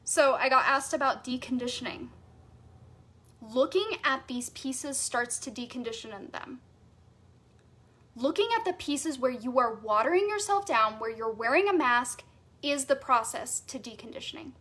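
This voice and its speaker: A woman with a high, bright-toned voice teaches a live coaching masterclass. She talks casually with "like" and "right?" and leans on repeated phrases for emphasis. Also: lively intonation, moderate pace. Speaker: sales and human design coach.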